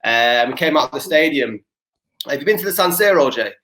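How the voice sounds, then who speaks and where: A man's voice: a little high, lively intonation, fairly quick, bright, forceful tone. A young man, co-hosting a podcast and telling rambling, sweary stories full of restarts. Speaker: podcast co-host. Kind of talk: casual chat.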